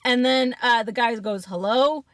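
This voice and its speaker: A woman's voice: fairly high pitch, normal speed, fairly bright tone, no echo, studio quality. A woman chatting casually on an eating show, telling rambling, giggly stories. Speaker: podcast co-host. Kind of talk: casual chat while eating.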